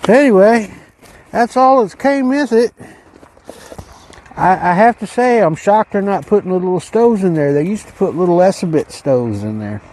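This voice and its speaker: A man hosting a casual unboxing video, musing aloud in a slow, rambling way as he goes through a ration pack. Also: high-pitched, expressive, a little mellow, poor audio. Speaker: channel host reviewing ration packs.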